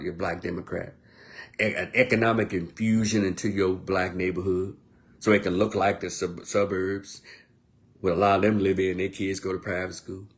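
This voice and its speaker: A man delivering a blunt, profane monologue as an online commentator, swinging between loud outbursts and low, quieter stretches. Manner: blunt, profane, animated rant. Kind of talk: casual ranting monologue.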